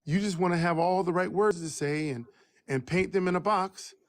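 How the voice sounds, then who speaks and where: A married man with a baritone voice co-hosting a live stream chat, lecturing emphatically and slowing down to stress his points. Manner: preachy, emphatic, slow for stress.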